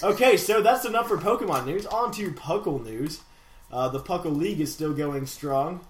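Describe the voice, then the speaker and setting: A young man co-hosting a casual gaming podcast, chatty and animated, stretching out names slowly when he reads league standings. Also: fairly high pitch, a little hiss or hum. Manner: animated, slow announcer drawl for standings. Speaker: podcast co-host. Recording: echoey room.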